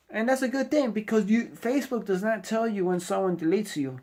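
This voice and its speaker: A high-pitched, slightly mellow male voice moves at a moderate pace with few pauses. It belongs to a middle-aged Navy sailor giving a preachy, rambling motivational talk on camera, exhorting the viewer directly with many "you know" asides.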